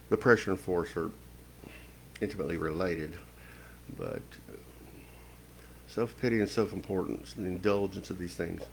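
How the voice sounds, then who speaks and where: A man with a very low, gravelly voice delivers a slow spiritual lecture. He speaks in a stern, measured way and leaves long pauses between phrases. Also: slight background noise, low-quality recording. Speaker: occult teacher.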